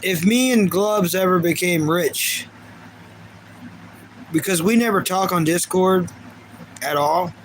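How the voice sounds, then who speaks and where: This thirties-aged male livestreamer has a high voice and speaks slowly, leaving long pauses as he rambles, chats, and reads out viewer comments. He keeps restarting his sentences, and a faint hiss or hum runs under the recording.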